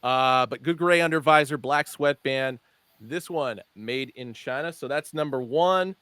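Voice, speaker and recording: A man's voice: medium pitch, unhurried, bright, forceful tone, clean tone, no echo. A man co-hosting a casual podcast, reading off product details with lots of fillers. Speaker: podcast co-host presenting hat releases.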